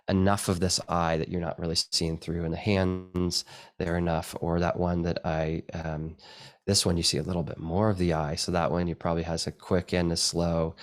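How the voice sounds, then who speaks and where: In a dry event space linked to a live video call, a photographer with a low voice gives a loose, rambling talk about his photos alongside slides. He frequently starts sentences over and drops quiet asides.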